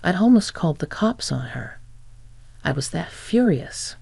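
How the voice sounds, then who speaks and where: A woman narrating a scripted first-person story in an even, matter-of-fact way. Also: low voice, normal speed, vocal fry, dry recording.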